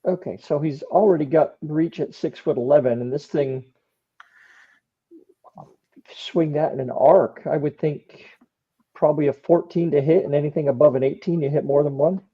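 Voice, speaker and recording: Brief: male co-host, dry teasing wit, husky dark tone, muffled recording. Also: fairly high pitch, fairly quick. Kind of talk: casual tabletop game chat.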